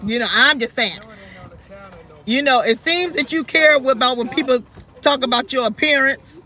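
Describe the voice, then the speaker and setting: A woman's voice: high voice, normal speed, pushed and bright. A woman hosting her own channel, giving blunt, sassy commentary and scolding other creators directly. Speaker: YouTube channel host.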